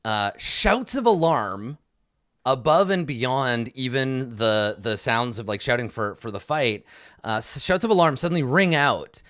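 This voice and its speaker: A man's voice: mid-range voice, animated, a little slow, a bit bright, no echo. Brief: a man as laid-back game master, mid-range voice, casual and loose, dry close sound. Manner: loose and conversational, becoming vivid when describing scenes. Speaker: dungeon master. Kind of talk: casual tabletop game narration.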